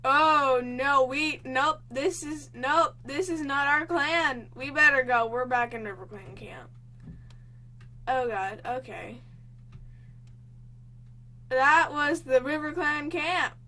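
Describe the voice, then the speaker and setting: A woman's voice: high voice, takes it slowly, pauses often. A young woman giving let's play commentary on a game, reacting with gasps and panicky exclamations. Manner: excitable, gasping, panicky exclamations. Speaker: gaming channel host.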